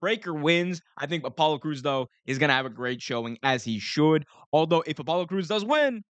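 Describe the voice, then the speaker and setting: Young man, live stream host, energetic and rambling, smooth clear voice, dry close sound. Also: fairly high pitch, fast, few pauses, no echo. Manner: energetic and rambling, self-correcting.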